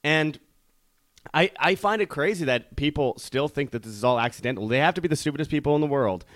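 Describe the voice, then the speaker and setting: A man's voice: a little high, animated, fast, a bit bright, no room sound. Urgent, rallying male commentary host. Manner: urgent, rallying tone, repeatedly addresses listeners as "my friends". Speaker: host of an online news commentary show. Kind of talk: opinionated commentary.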